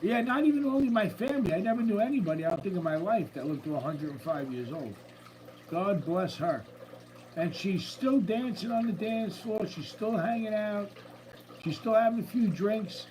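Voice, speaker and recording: The speaker is a man livestreaming from home, where a water tank runs faintly in the room. His voice is high and a little mellow, with lively intonation and normal speed, and he greets viewers by name in a chatty, upbeat way over poor audio with slight background noise.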